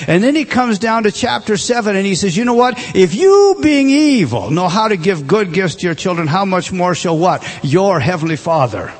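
A man preaching a sermon, emphatic, repeating words and swinging between loud stresses and quiet asides. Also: high voice, breathy edge.

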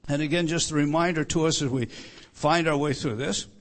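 A man preaching an earnest sermon, often repeating words and slowing down for emphasis. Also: fairly high pitch, fairly even intonation. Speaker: pastor.

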